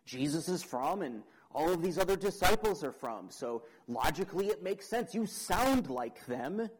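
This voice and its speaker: A young man preaching a sermon, dramatic, asking the audience questions and swinging between loud emphasis and quiet. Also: high voice, sing-song, normal speed, breathy edge, low-quality recording.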